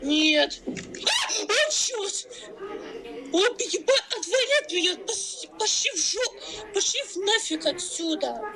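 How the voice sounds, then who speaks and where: A woman reacting to a horror game, squealing, shouting and laughing nervously as things jump out at her. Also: very high voice, expressive, a little slow, crowd noise. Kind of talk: screaming game reaction commentary.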